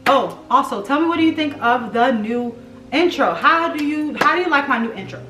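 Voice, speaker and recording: A woman's voice: high voice, lively intonation, brisk, bright, forceful tone. A woman gushing over her decor finds in a casual, chatty haul vlog. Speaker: home decor vlogger. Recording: echoey room, mic at a distance, music behind.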